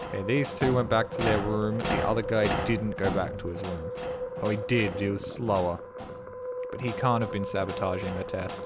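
A man streaming a game, talking casually and at length in a rambling, puzzled way, swearing freely as he plays. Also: on the low side. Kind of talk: casual live gameplay commentary.

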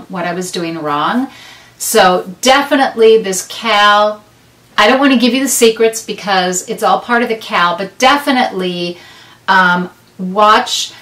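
A woman's voice: mid-range voice, fairly bright tone, far from the mic. A middle-aged woman hosting a knitting podcast, chatting casually and rambling with self-deprecating asides. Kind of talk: casual chat to camera. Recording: roomy sound, a bit off mic.

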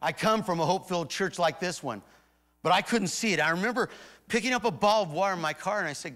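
A man preaching a sermon as guest pastor, telling a personal story to a congregation and swinging from hushed retelling to loud, emphatic declarations. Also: high voice, expressive, fast. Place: church auditorium before a congregation.

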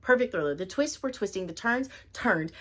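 A woman's voice: medium pitch, expressive, normal speed, a bit bright. A woman doing a casual reading wrap-up vlog, talking in a bubbly, gushing way and repeating words for emphasis. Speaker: book reviewer.

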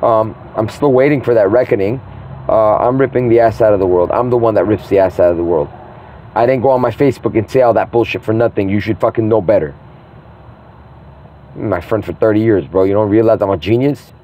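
A man's voice: lowish voice, fairly quick, warm tone. A man ranting in a rambling, profane, grandiose monologue to the camera.

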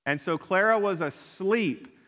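A middle-aged man preaching a sermon, telling a personal story in an animated way and acting out the people he quotes. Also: sits high, unhurried. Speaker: pastor. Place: church sanctuary. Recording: long hall reverb.

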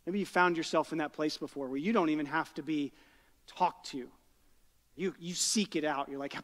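A man in his thirties preaching a sermon, conversational and story-driven, often checking in with the congregation with a quick "right?" or "okay?". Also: fairly high pitch, steady tone, fairly bright tone. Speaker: pastor. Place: church sanctuary. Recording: long hall reverb.

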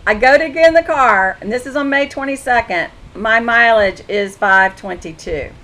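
Bright-voiced woman telling faith stories. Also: on the high side, normal speed, low-quality recording. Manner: chatty storytelling with frequent restarts and quoted dialogue. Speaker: Christian video blogger. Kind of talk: casual testimony monologue.

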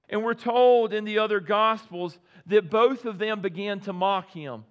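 A middle-aged male pastor preaching a sermon, deliberate, with repeated phrases and dramatic pauses. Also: high-pitched, a bit bright, highs cut off.

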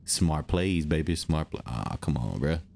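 A young man giving excitable, slangy commentary while playing a video game, talking to himself and hushing when the game gets quiet. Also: rumbling low, measured pace, creaky. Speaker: gaming video host. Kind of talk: let's-play commentary.

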